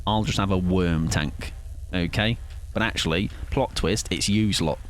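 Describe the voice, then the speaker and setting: He speaks in a low, unhurried voice while gaming live, rambling playfully to viewers and chuckling often. A little hiss or hum sits under the recording.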